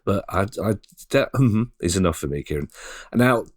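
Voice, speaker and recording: Male host, deep voice, teasing, dry close recording. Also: expressive, moderate pace, dry recording. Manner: teasing, playfully mock-serious questions. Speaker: podcast host. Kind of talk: casual podcast discussion.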